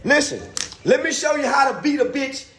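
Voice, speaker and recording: A man on a phone livestream delivering a loud, crude, animated comedic rant, laughing often. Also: very high-pitched, moderate pace, a little hiss or hum. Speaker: livestream commentator.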